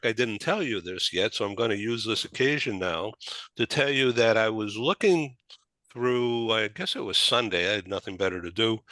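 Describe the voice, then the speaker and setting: A man hosting a talk show in a loose, rambling way, with a Boston accent. His voice is bright and forward, and it sounds dry and close to the mic with no room echo. He talks at a middle pitch and restarts his sentences often. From Boston area, USA. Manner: rambling, chatty, many restarts. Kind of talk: casual chat.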